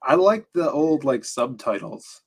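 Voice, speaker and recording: A man co-hosting a casual talk stream, rambling as he flips through comics, his voice slightly hoarse. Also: medium pitch, animated, unhurried, darkish tone. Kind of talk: casual chat.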